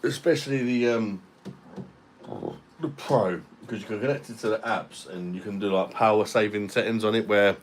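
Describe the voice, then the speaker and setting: A man's voice: lowish voice, normal speed, slight background noise. A man, chatting casually on a live stream and answering viewers' comments. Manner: laid-back, chatty, reads out viewer comments.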